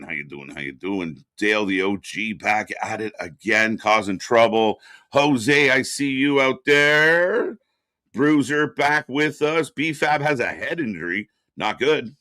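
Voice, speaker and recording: A man's voice: mid-range voice, sharp tone, dry recording. A man co-hosting a live wrestling watch-along stream, chatting casually, laughing often and greeting chat viewers by name.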